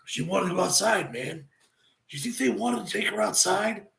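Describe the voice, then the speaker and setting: A man doing an impression of a gruff, profane veteran wrestler telling road stories in a low, slow drawl. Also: lively intonation, reverberant, background noise, full character voice. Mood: mischievous.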